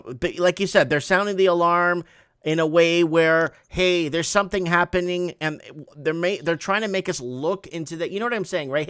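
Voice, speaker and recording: A man with a high voice hosts a casual call-in show, rambling through news headlines and pressing his points harder as he goes. The sound is dry and close, with no room around it. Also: fairly bright tone, clear, resonant tone, dry recording. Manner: rambling, reads headlines aloud, rising emphasis. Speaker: host.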